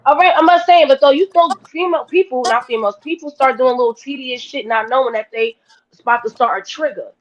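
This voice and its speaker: A woman's voice: sits high, fast, a little hiss or hum. A woman on a podcast panel, talking bluntly and emphatically in casual discussion. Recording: dull lo-fi podcast audio.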